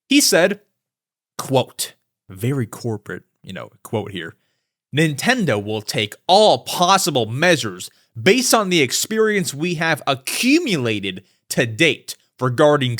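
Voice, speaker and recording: A man's voice: a little high, fairly bright tone. A young man hosting a gaming news podcast, talking in a chatty, slangy way full of asides. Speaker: podcast host. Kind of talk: casual news commentary.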